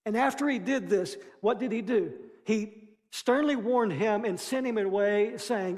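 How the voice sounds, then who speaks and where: A man preaching a sermon as lead pastor, animated, with playful voiced asides. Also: sits high, unhurried, long reverb tail.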